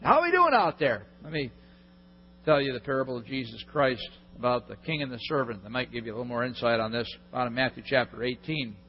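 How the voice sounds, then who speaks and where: A man's voice: mid-range voice, very animated, fast, breathy edge. A man preaching a sermon in a conversational way, putting questions to the congregation. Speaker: pastor. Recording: echoey hall, dull lo-fi sound.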